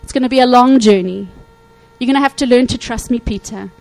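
Woman preacher, kinda high voice, animated sermon, keeps asking "okay?". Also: a little fast, gravelly, poor audio. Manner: animated, acts out quotes, frequent "okay?" check-ins.

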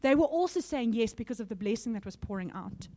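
A woman's voice: a little high, lively intonation, fast, mellow. A woman preaching a sermon in an earnest, conversational way, often breaking into a light laugh between points.

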